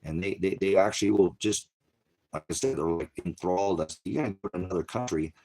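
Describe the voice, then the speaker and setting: Deep voiced american guy rambling on a stream, lots of you-knows. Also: fairly quick, warm tone, a little hiss or hum. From United States. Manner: rambling, loose, full of fillers and restarts. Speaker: channel host. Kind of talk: casual livestream chat.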